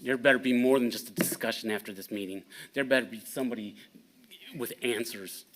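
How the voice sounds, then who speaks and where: A man speaks into a podium mic at a council meeting, blunt and indignant, stumbling over fillers now and then. His voice is bright and sits at an ordinary pitch for a man. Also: fairly quick. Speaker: resident speaking at public comment. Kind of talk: public comment. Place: town council meeting chamber.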